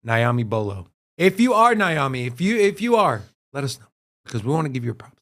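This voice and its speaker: A man's voice: medium pitch, big pitch swings, a little fast, a bit bright. A man co-hosting a crypto livestream in casual chat, joking with his co-hosts and ranting heatedly about the news.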